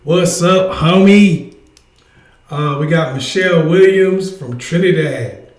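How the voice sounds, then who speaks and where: A man's voice: on the high side, slow, echoey room. A man hosting a casual livestream, energetically urging his viewers to join in. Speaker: livestream host. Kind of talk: casual live chat with viewers.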